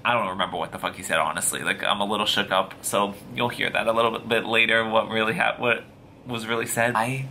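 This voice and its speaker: A man vlogger casually retelling a story to camera, profane and animated, full of slang. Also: lowish voice, fast talker, gravelly, slight background noise.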